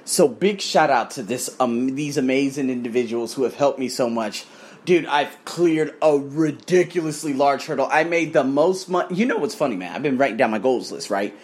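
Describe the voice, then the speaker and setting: Animated, profane man in his thirties. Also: medium pitch, normal speed. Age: 30s. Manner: animated, profane storytelling with mimicked voices. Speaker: coach. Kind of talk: casual vlog rant. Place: abroad in Thailand.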